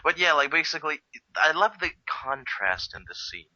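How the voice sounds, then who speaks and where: Bright-voiced rambling man. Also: a little high, very animated, moderate pace, dry recording. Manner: rambling, heavy on filler words. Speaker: co-host. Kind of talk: casual review discussion. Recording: dull lo-fi home recording.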